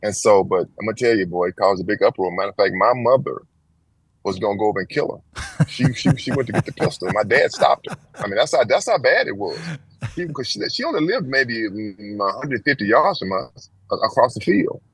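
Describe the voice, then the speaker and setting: The interview guest is a Texan man in his sixties who talks briskly through a long personal story, animatedly impersonating the people involved with large pitch swings. Slight background noise sits under a rough recording.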